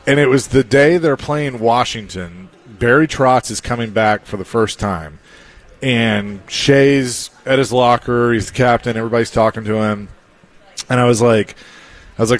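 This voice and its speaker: A man co-hosting a casual sports talk show, relaxed and wry, telling his own stories. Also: mid-range voice, moderate pace. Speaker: sports radio co-host.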